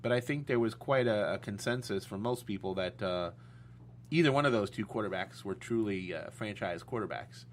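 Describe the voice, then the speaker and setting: A man's voice: fairly low pitch, expressive, normal speed, slight background noise. A man co-hosting a podcast, chatting casually and hesitantly, searching for words with fillers. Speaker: podcast co-host. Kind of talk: casual sports chat.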